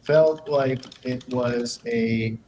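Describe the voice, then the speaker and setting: A man's voice: mid-range voice, very slow, darkish tone, slight background noise, low-quality recording. A young man hosting a casual live stream, joking loosely and reading chat aloud as he clicks around. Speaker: streamer and host.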